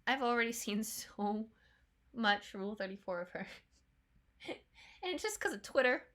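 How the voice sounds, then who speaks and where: A young woman talks through her reaction in a bright, slightly high voice. She is chatty and laughs often. Now and then she drops into quick playful character voices. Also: lively intonation. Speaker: trailer reaction host. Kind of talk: casual reaction commentary.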